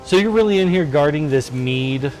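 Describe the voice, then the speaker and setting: A man's voice: a little high, animated, moderate pace, darkish tone, faint music behind, close to an everyday voice. A man voicing a cocky male trickster who talks a guard into sharing mead, in a smug, casual drawl.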